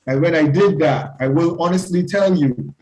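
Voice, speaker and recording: A man's voice: fairly high pitch, normal speed, warm tone, roomy sound, low-quality recording. A man leading an evening class discussion, earnest and self-deprecating, often repeating his words. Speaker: class leader. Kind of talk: teaching discussion.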